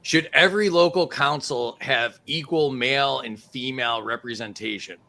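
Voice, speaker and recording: A man's voice: mid-range voice, normal speed, vocal fry, pushed and bright. A man hosting a casual live-streamed game show over a video call, laughing easily between questions.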